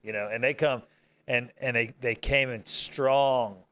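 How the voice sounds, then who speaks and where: An earnest man in casual conversation, stumbling over and repeating his words as he gathers his thoughts. His voice sits at an ordinary middle pitch. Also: steady tone, fairly bright tone, clear, resonant tone. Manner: halting, repeats words as he searches for them. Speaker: bar owner. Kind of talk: casual podcast chat.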